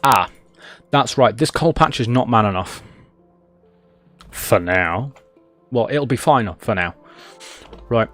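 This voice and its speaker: A man's voice: mid-range voice, expressive, takes it slowly, pauses often, fairly bright tone, faint music behind. A man streaming a game, rambling and self-mocking as he talks to himself while he plays. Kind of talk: casual gameplay commentary.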